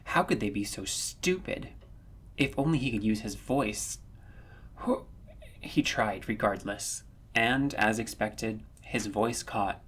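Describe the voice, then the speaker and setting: A man narrating a fan-written story, reading in a measured, earnest way that rises when the tension builds. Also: on the low side, a bit bright, slightly rough. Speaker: audiobook narrator.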